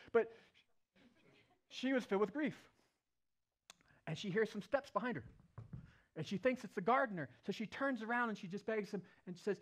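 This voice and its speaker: A man preaching an Easter sermon as a playful, animated retelling with acted-out quotes. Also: high-pitched, normal speed, long pauses. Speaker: pastor. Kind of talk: storytelling sermon.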